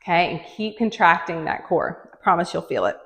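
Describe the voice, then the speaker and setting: A woman's voice: fairly low pitch, lively intonation, brisk, echoey room. A woman fitness instructor leading a workout, counting reps aloud and encouraging, a bit out of breath as she moves.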